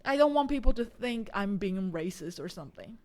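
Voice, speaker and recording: A woman's voice: mid-range voice, lively intonation, fairly quick, darkish tone. A young woman co-hosting a casual podcast, talking in a hesitant way and stopping to search for words. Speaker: podcast co-host. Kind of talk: casual chat.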